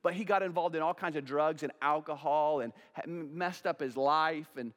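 High-voiced preaching man in a reverberant church. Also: normal speed, fairly bright tone. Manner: preaching with rhetorical questions, acting out both sides of dialogues. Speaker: pastor. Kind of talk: sermon. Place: church sanctuary. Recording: church sanctuary with long reverb.

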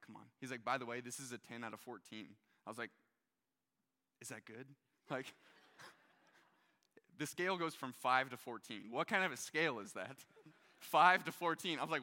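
Young male preacher, casual and animated, bright tone, long hall reverb. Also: a little high. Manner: casual, animated storytelling with many fillers. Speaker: young adult pastor. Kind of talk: sermon storytelling. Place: large hall with a stage.

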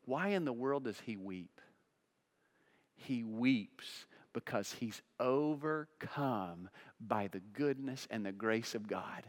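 A man preaching a sermon as pastor, swinging between loud emphatic peaks and hushed low passages, often repeating words for emphasis. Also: lively intonation, slow pace.

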